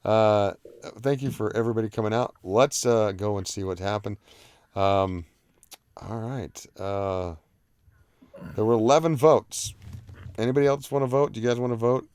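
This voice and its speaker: A man's voice: on the low side, fairly even intonation, normal speed, darkish tone, clean tone, dry recording. A man hosting a live online panel in casual chat, rambling with fillers and easy laughs. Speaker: livestream host.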